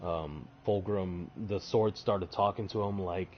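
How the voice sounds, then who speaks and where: A man's voice: deep voice, a little slow, highs cut off, slight background noise. A man casually retelling game lore, profane and full of fillers, while he plays. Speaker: streamer.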